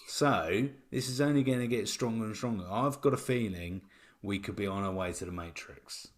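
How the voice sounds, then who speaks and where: A man's voice: fairly low pitch, moderate pace. A young British man co-hosting a podcast, trading jokey, eager banter with his friend. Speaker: podcast co-host. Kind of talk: casual chat.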